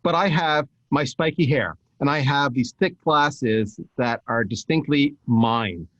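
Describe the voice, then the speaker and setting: A man, a podcast guest, giving emphatic, animated marketing advice in casual talk. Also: medium pitch, unhurried, dry recording, lo-fi sound. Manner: energetic, emphatic, animated storytelling with restarts.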